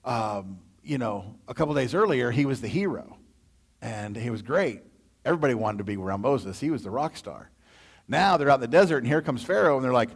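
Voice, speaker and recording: A man with a Midwestern American accent leading a church Bible study, reading scripture and then adding animated, conversational asides. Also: mid-range voice, normal speed.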